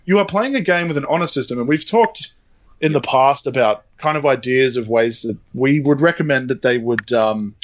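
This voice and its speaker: Animated man telling a story. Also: medium pitch, moderate pace, muffled recording. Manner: animated storyteller, acts out quotes, swears freely. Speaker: podcast host. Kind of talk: casual chat.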